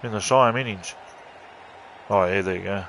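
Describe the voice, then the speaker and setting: A man's voice: on the low side, normal speed, a bit bright, a little hiss or hum. A man giving casual, rambling gaming commentary, full of swearing and cheeky jabs.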